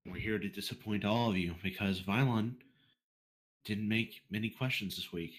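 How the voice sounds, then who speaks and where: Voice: sits low, moderate pace. A podcast co-host chatting casually, sarcastic and swearing often. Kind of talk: casual chat.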